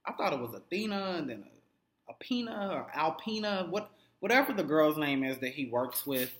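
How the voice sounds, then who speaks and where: A man's voice: fairly high pitch, very animated, moderate pace, a bit bright. A young adult man casually recapping a TV episode, swearing constantly and acting out the characters' lines. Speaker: TV recap vlogger. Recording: echoey room.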